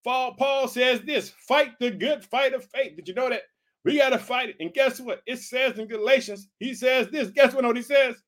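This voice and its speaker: A man from Illinois preaching an energetic podcast sermon, fervent and repetitive, calling out to his listeners again and again. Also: very high-pitched, normal speed. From Illinois, United States. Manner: fervent, repetitive calls of "guess what" and "hallelujah".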